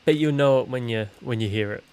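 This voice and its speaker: Aussie guy streaming, chill and chatty, bit sweary, average pitch. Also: fairly quick, clean tone. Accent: Australian. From Australia. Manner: relaxed, chatty, swears casually. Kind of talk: casual chat while gaming.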